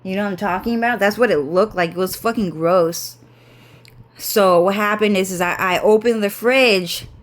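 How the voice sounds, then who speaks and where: A young woman with a congested, runny nose, telling a rambling story that is full of swearing, fillers and restarts. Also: mid-range voice. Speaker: vlogger.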